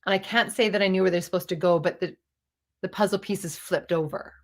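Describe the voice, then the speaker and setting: This is a woman in her fifties with a somewhat low voice, recounting a personal story. She speaks candidly and wanders off into digressions, dropping casual swear words along the way. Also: fairly quick. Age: 50s. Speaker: storyteller and playwright.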